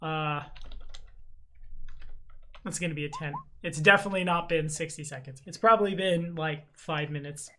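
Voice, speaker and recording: A game master running a tabletop game in a relaxed, low-key way. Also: moderate pace, long pauses, a little hiss or hum.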